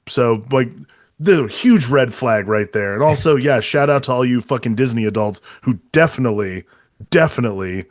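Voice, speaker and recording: A man's voice: medium pitch, lively intonation, normal speed, no room sound, clean studio sound. Casual, profane male podcast host. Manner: rambling, profane, full of fillers and restarts. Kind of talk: casual movie podcast chat.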